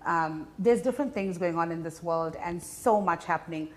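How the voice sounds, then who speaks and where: A woman with a South African Indian English accent, a comedian being interviewed, telling stories in an animated, chatty way with many fillers. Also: lowish voice, moderate pace. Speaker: comedian guest. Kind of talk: casual interview chat.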